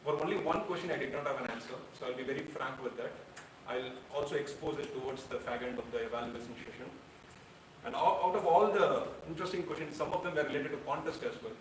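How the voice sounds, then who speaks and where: A man addresses a club meeting as its speech evaluator, speaking frankly and earnestly with a dash of self-mocking humor. His voice sits at an ordinary middle pitch and comes from some distance away, in a roomy, echoing meeting room with a faint hum of ambience behind him. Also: quick pace. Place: air-conditioned meeting room.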